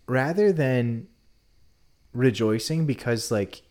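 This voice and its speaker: A man casually retelling a Bible story in a relaxed, conversational way. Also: medium pitch, slow pace. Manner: relaxed retelling, often drops to a quieter tone.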